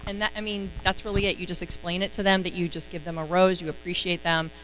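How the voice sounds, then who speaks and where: Chatty woman coaching on a live stream, gets all excited, bit of hum behind her. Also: fairly low pitch, fast, rough recording. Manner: chatty, excitable, lots of fillers. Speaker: sales trainer. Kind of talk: casual live-stream training talk.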